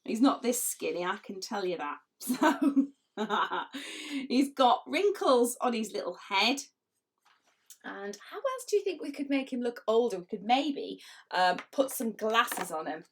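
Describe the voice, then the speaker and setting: Lively woman teaching kids to draw. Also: on the high side, measured pace. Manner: chatty, playful, laughs often. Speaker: illustrator teaching drawing. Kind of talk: drawing tutorial for children.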